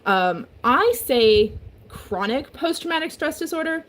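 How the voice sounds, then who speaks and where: In a rambling home vlog shot in her kitchen, a woman talks casually in a mid-range voice with lively intonation, going a little slowly. A throat injury has changed her voice, and her talk is full of fillers and swearing.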